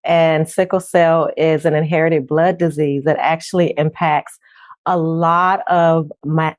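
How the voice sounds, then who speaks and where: A woman's voice: on the low side, no echo, clean studio sound. A woman from Las Vegas calling in as a guest on an interview show, speaking in an earnest and open way. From Las Vegas, Nevada. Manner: earnest, open, laughs easily. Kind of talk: casual interview chat. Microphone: remote call-in.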